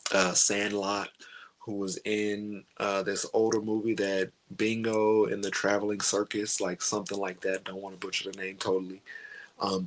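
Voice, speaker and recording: A man's voice: low-pitched, rough recording. A man chatting casually through a book review, rambling and stopping to hunt for names.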